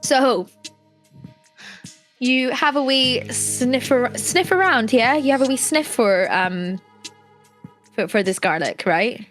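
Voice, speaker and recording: Woman game master, casual and chatty, fairly high voice, lots of fillers. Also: animated, slow pace, long pauses, a bit bright, soft background music. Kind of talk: narrating a tabletop game.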